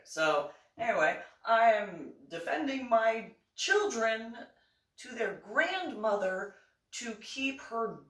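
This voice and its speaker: A woman telling a rambling personal story as a channel host, laughing often as she goes. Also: mid-range voice. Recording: echoey room, voice far from mic.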